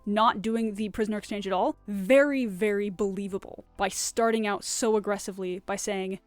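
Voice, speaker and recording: A woman's voice: mid-range voice, moderate pace, dry recording. A woman hosting a casual scripture commentary, with a casual, irreverent way of talking and frequent exclamations. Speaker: host.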